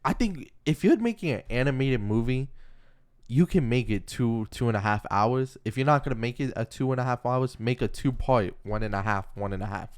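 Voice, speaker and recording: A man's voice: medium pitch, fairly quick, clear, resonant tone. A young man co-hosting a podcast, chatting casually and loosely, often stopping to correct himself. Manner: chatty, self-correcting, laughs easily. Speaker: podcast co-host. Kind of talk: casual chat about comics and movies.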